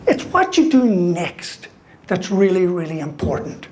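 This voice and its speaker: A man's voice: high-pitched, big pitch swings, measured pace, darkish tone. A man, giving a humorous motivational talk full of stories, punchy jokes and a constant "right?" tagged onto his lines. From Ireland. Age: 50s. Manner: storytelling, punchy jokes, keeps tagging "right?". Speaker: motivational speaker. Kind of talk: humorous keynote speech.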